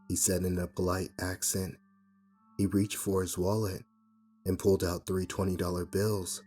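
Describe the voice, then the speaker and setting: A man reading a first-person horror story aloud in a measured storytelling manner. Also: low voice, little pitch movement, a little mellow. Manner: measured storytelling with voiced dialogue. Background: faint music.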